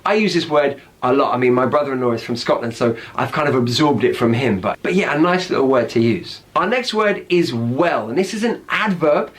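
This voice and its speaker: A man's voice: mid-range voice, lively intonation, brisk, few pauses. A British man with a British accent, teaching slang words in an upbeat, explanatory way and often checking in with "right?". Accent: British English. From Britain.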